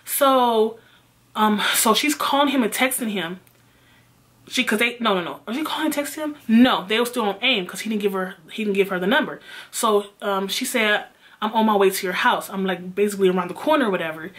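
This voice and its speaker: A young woman vlogger retelling a personal story in an animated, emphatic way, swearing often. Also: medium pitch, fairly quick. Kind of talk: storytime vlog.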